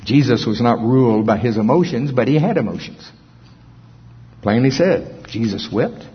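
A man preaching a sermon in a church service, animated, swinging from loud bursts to soft asides. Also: medium pitch, moderate pace, husky. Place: church hall. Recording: muffled sound in a long-echo hall.

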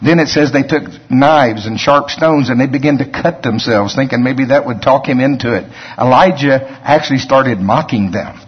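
Husky-voiced preacher, man. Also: medium pitch, moderate pace, few pauses. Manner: conversational, storytelling preaching with asides and chuckles. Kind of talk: sermon. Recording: dull lo-fi sermon recording.

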